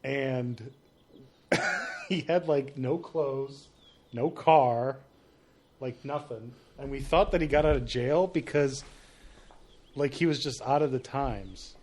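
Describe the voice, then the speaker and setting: A man's voice: medium pitch, slow, long pauses, a little mellow. A man guest on a podcast, telling rambling funny stories and laughing often. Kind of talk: casual podcast chat.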